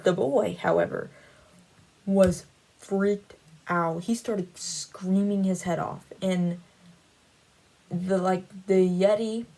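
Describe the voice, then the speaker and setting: A woman's voice: mid-range voice, takes it slowly, vocal fry, dark tone, poor audio. A woman casually recounting a dream in a rambling way, with many "like" fillers, then drawing a faith lesson from it. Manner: rambling, heavy use of "like" fillers. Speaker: Christian vlogger.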